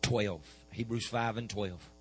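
A man's voice: lowish voice, fairly even intonation, takes it slowly, a little hiss or hum, low-quality recording. A man, preaching a sermon and telling a healing story with quoted back-and-forth dialogue.

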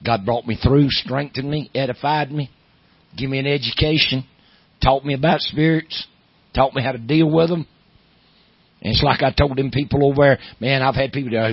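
A middle-aged man with a Southern accent, a pastor preaching a sermon, moving from low storytelling to loud, emphatic preaching. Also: steady tone, moderate pace, breathy edge, no room sound, lo-fi sound.

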